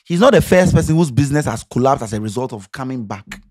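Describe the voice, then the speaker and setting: A man's voice: mid-range voice, expressive, fast talker, darkish tone. A Ghanaian man giving passionate, sarcastic social commentary, firing off rhetorical questions. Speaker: commentary vlogger.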